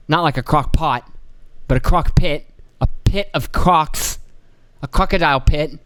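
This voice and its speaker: A man ranting loosely on his podcast, swearing freely and drifting from one story to the next. His voice is smooth and a little high. The recording is close and dry, with no room echo. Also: a little slow, pauses often, a bit bright. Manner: profane, rambling, acts out voices. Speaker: podcast host. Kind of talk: casual comedic rant.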